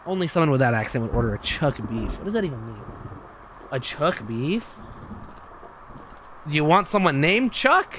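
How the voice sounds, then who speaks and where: A young man streaming gameplay commentary, excitable and joking, swearing freely. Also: a little high, fast, few pauses, slight background noise.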